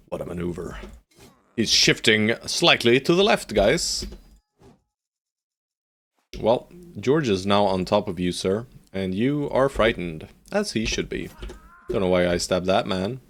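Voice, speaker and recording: Low-voiced man, slow playful game commentary. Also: lively intonation. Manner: playful, jokey, talks to his units; loud pitch jumps on exclamations. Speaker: streamer. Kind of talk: live gameplay commentary.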